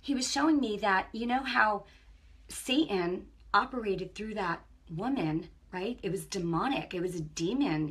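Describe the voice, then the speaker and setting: A woman giving an impassioned spiritual testimony on her own broadcast, telling stories in an animated way that swings between hushed and loud. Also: mid-range voice, husky. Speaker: online ministry broadcaster.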